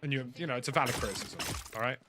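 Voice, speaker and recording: A man's voice: mid-range voice, racing. Chatty British man over noisy game audio. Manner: chatty, rambling, frank opinions. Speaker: gaming streamer. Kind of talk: casual commentary while playing.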